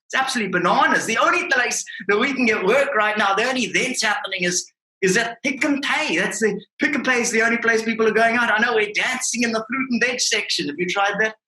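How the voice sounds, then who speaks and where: A man's voice: very high voice, pushed and bright, echoey room, pitched above the performer's own voice, heavily acted, low-quality recording. A man voicing a brash, mocking puppet pundit. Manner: brash, mocking, quick punchlines. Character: sarcastic male latex puppet political pundit. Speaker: comedian. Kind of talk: ventriloquist comedy routine.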